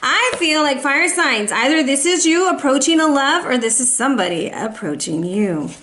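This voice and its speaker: A woman's voice: sits high, expressive, moderate pace, fairly bright tone, slight background noise. Chatty breathless woman reading tarot. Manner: chatty, playful, sassy asides. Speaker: tarot reader. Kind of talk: casual tarot reading to camera.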